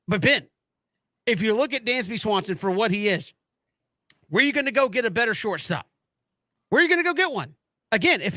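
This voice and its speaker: A man co-hosting a casual sports talk show, animated, often stumbling and restarting as he argues his point. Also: high voice, no room sound. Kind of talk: casual sports radio chat.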